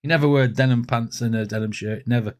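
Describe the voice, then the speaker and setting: A man's voice: medium pitch, fairly even intonation, fast, darkish tone. A man hosts a music reaction video, breaking down lyrics with chuckles and enthusiasm. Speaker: music reaction channel host. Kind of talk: casual reaction commentary.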